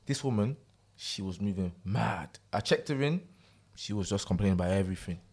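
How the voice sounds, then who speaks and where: A man, co-hosting a podcast and telling stories in lively slang. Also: lowish voice, a little fast. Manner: animated, slangy storyteller. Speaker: podcast co-host. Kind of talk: casual chat.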